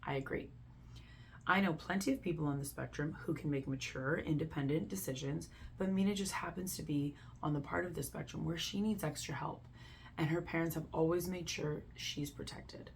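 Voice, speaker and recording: Low, gravelly-voiced blunt woman. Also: moderate pace, slight background noise. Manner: blunt, opinionated, heavy use of "like". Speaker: Reddit story reader and commentator. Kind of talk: casual commentary and reading aloud.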